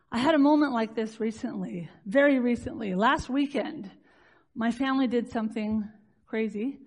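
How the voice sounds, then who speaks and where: A woman with a high, bright-toned voice tells a personal story to a live audience. She speaks in an animated, chatty way, scattering "like" through her sentences and laughing at herself as she goes.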